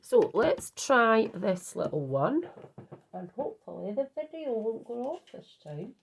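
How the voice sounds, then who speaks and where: A woman's voice: fairly high pitch, very animated, unhurried, husky. A woman hosting a craft video, chatting in a rambling way and correcting herself as she works, with a sweet in her mouth against a cough. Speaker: craft channel host. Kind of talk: casual crafting demonstration.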